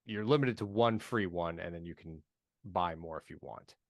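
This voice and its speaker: A man with a very low voice walks through details in a relaxed group chat. He rambles, restarts his sentences and keeps explaining. The sound is close and dry. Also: moderate pace, gravelly, no echo. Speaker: podcast regular.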